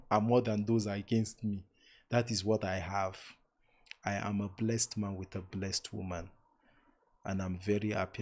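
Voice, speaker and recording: On a relationship livestream, a man with a slightly rough, fairly low voice speaks warmly and with emphasis to his viewers. He stresses points by repeating words and wraps up with blessings like a preacher.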